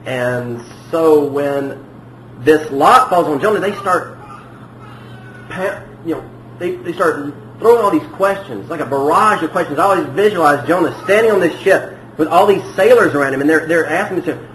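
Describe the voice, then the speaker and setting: A man's voice: fairly high pitch, expressive, normal speed, fairly bright tone. A man preaching a verse-by-verse sermon in a conversational way, often asking the congregation questions. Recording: echoey room with faint noise.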